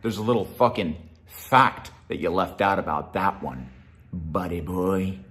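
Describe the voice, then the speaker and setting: A man's voice: sits low, measured pace, fairly bright tone. A young man delivering an angry, profane rant at someone, mocking him and calling him "dude" again and again. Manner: heated, profane, mocking, repeatedly says "dude". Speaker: YouTuber responding to a video.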